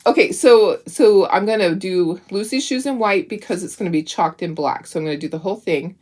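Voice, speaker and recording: A woman's voice: medium pitch, a little fast, darkish tone. A middle-aged woman hosting a craft stream, chatting and telling stories while she paints. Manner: chatty, tells stories while painting and reads viewer comments aloud. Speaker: craft channel host.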